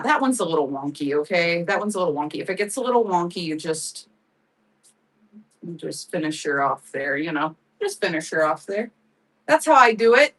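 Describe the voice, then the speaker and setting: On a poorly recorded livestream, a woman selling crafts chats casually, her lowish voice fairly bright and distant from the mic. She laughs a lot and thanks viewers by name.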